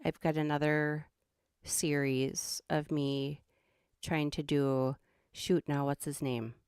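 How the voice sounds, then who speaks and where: Middle aged minnesota lady rambling on her stream, low voice, laughs a lot, dry close mic. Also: flat delivery, slow, darkish tone, clear, resonant tone, no room sound. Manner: rambling and chatty, laughs often. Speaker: host. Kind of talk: casual livestream chat.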